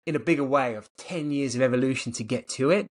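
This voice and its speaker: Brand director, man, mid-pitched, casual and enthusiastic, talks in long excited runs. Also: fast. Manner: enthusiastic, rambling, energetic. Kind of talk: casual interview answers.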